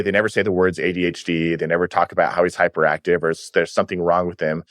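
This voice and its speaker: A man's voice: sits low, no room sound, clean studio sound. A man guest on a podcast, chatting casually and retelling cartoon episodes with eager, filler-laden enthusiasm.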